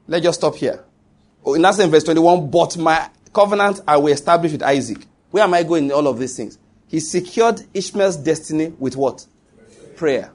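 Male preacher, middle-aged, emphatic, higher voice with a husky edge. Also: normal speed. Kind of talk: sermon.

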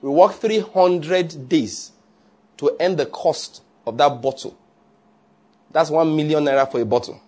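A man's voice: fairly high pitch, a little slow, a little mellow. A man preaching a conversational sermon, often checking that listeners follow.

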